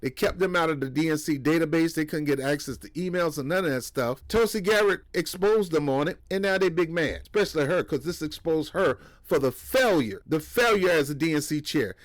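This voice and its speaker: Give me a heated, trash-talking man, slightly high voice, recorded dry and close. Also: a little fast, hardly any pauses, dry recording. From New York. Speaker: political commentator. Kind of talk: casual reaction commentary.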